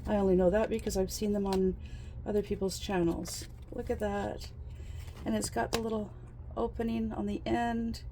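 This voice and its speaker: A woman chatting casually while unboxing craft kits in her trailer home, gasping and gushing with excitement over each item. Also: mid-range voice, moderate pace, noisy background. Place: inside her fifth-wheel trailer home.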